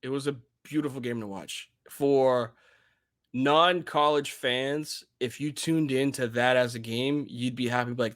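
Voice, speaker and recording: A young man talking college football on a home podcast, his voice bright and forceful. He rambles and restarts mid-thought, with sudden excited outbursts. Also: mid-range voice. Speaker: podcast co-host. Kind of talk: casual sports chat. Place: home room.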